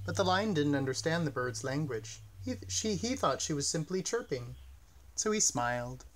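A man whose voice runs on the high side reads a kids' picture book at a normal pace, telling it gently and with plenty of expression.

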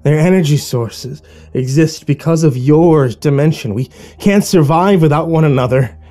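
A man voicing a monstrous imitation of a cartoon villain in a horror story reading, explaining slowly and gravely. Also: a little high, dark tone, faint music behind, voice pushed up, close to an everyday voice.

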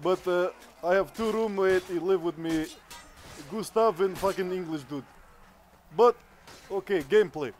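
A man's voice: sits high, a little slow, slight background noise. A man putting on a Siberian gamer with broken English. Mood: boastful. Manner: broken English, swearing, excitable. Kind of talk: comedic gaming character bit.

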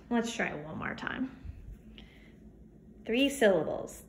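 A woman teaching young children to count syllables. She is cheerful and encouraging, and she stretches words out slowly as she counts their syllables, recorded on a phone she holds in her hand. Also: on the high side, animated, a little hiss or hum. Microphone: phone held in hand. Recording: echoey room with faint ambience.

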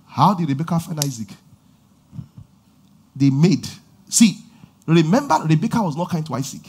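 A middle-aged man preaching a sermon in a church, with animated delivery and sudden loud exhortations. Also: a little high, normal speed, husky. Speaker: pastor. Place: church auditorium.

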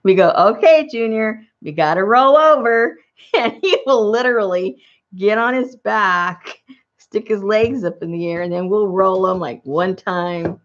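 A woman's voice: medium pitch, fairly even intonation, measured pace, dull audio. A middle-aged woman chatting casually while crafting, rambling through asides and laughing often. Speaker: crafting vlogger.

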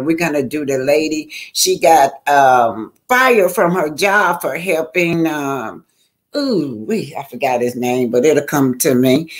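An older woman, hosting a casual livestream, chatting and greeting viewers by name in a loose, rambling way. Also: mid-range voice. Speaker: YouTube livestream host.

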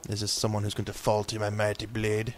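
A man commenting casually on his gameplay, slipping into hammy pirate and Viking threats and yelling at the game. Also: fairly low pitch, completely flat delivery, fast talker. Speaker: gaming video host.

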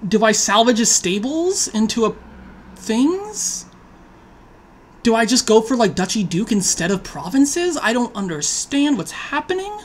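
A woman thinking aloud as she plays an online card game, muttering her options, then pleading, swearing and laughing loudly at the draws. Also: a little high, sing-song, measured pace. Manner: talks to herself, swings from quiet musing to loud laughing outbursts.

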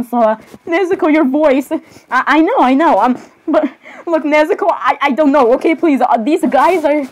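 Woman with a high voice for improvised solo comedy, fumbly and apologetic. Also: darkish tone, low-quality recording. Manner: hesitant, apologetic and giggly, with many restarts. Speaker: solo skit performer voicing many characters. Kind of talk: improvised comedic character skit.

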